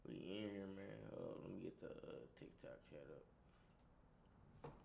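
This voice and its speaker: A middle-aged man co-hosting a gaming livestream in casual profane chat, loud and joking, repeating his greetings to the audience. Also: low-pitched, normal speed, vocal fry.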